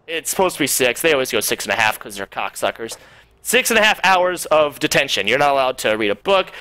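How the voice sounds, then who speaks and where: A man's voice: medium pitch, very animated, quick pace, bright, forceful tone, clean tone. A young man streamer telling a rambling, profane story in casual chat, full of fillers.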